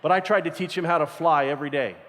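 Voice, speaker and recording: A middle-aged camp speaker talks fast in a voice on the high side, telling stories in his sermon and animatedly performing the voices within them. The meeting hall recording is reverberant.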